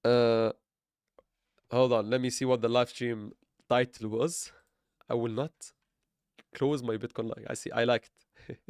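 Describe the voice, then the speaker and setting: A man's voice: mid-range voice, steady tone, unhurried, long pauses, darkish tone, clean tone, no echo, studio quality. A man livestreaming his crypto trades, rambling and correcting himself, with playful sarcasm and frequent laughs. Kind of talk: live trading stream chat.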